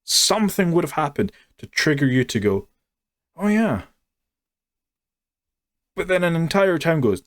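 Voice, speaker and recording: Slow, sarcastic man ranting on a review. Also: on the high side, very animated, no room sound, clean studio sound. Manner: sarcastic, mocking. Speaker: YouTube reviewer.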